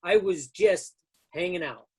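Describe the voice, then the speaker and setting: A man's voice: high voice, unhurried, darkish tone, husky. A man in his fifties telling stories as a guest in an interview, rambling through anecdotes with many restarts. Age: 50s. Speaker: guest, stunt rigger. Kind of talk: casual storytelling.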